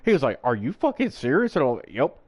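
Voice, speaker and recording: A man's voice: medium pitch, fast. A man streaming a game, chatting casually as he tells a story, swearing freely and acting out the people he quotes. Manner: profane, animated, acts out quoted people in the story. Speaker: gaming streamer.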